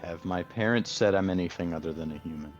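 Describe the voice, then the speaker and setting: A man plays a tabletop game and speaks hesitantly in a low voice. His mic sounds dull and lo-fi, with faint music behind. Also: quick pace. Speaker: player.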